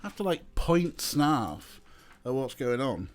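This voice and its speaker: A man's voice: mid-range voice, very animated, measured pace, soft background music. A young man streaming, chatting casually and talking to his cats as he plays. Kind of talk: casual live-stream chat.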